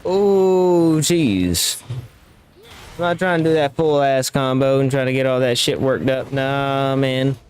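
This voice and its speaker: A man's voice: medium pitch, slow pace, darkish tone, slight background noise. A man giving live gameplay commentary as a streamer, talking back at the game with profane, reactive trash talk.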